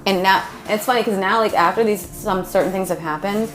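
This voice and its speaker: A woman's voice: mid-range voice, brisk, a bit bright, faint music behind. A woman telling a spiritual story to her viewers in a rambling, casual way, with many fillers and laughs. She says she is exhausted. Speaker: spiritual vlogger.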